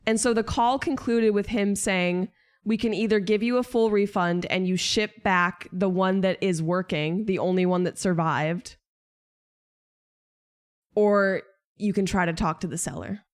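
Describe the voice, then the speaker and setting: A young woman chats casually to her stream audience, venting in a loose, exasperated way with the odd curse word. Her voice sits at an ordinary middle pitch for a woman. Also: measured pace, smooth. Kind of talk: casual chat to stream viewers.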